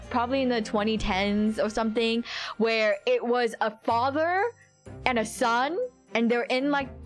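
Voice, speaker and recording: A young woman with a high, bright voice, chatting with her live-stream viewers. She is bubbly and talkative, breaking into gasps and giggles. Soft music plays quietly behind her. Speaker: VTuber streamer.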